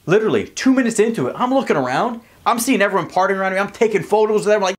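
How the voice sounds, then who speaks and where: A young man telling a personal story to his viewers in an emphatic, animated way, often repeating words as he goes. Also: sits high, fairly quick. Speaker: vlogger and public speaking coach.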